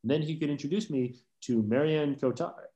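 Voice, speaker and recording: A man co-hosting a podcast, rambling excitably with lots of fillers and casual swearing, over a remote call. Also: on the high side, brisk, muffled recording. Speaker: podcast co-host. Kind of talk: casual film discussion.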